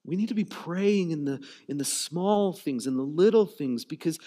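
Conversational pastor with a raised voice. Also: male voice, high voice, animated, normal speed, hardly any pauses, warm tone. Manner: conversational, repeats words while searching for phrasing; informal, uses "you know" and "like" often. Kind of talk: sermon.

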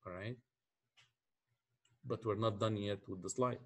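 Husky-voiced man lecturing on beams. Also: on the low side, fairly even intonation, measured pace, fairly bright tone. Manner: explains step by step, asks the class questions. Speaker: engineering lecturer. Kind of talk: classroom lecture.

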